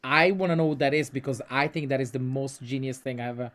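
Excitable host, gushing, quick bursts of talk. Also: male voice, medium pitch. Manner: excitable, gushing, laughs a lot. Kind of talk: casual video call chat.

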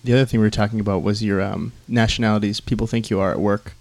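A man co-hosting a casual podcast, announcing plans to listeners in a relaxed, halting way. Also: on the low side, gravelly. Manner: relaxed, plugs the show with halting restarts. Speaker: podcast co-host. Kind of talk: casual chat.

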